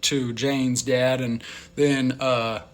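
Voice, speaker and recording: A young man telling a story in a rambling, animated way, full of filler words. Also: medium pitch, drawn-out words. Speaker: vlogger. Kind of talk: casual storytelling.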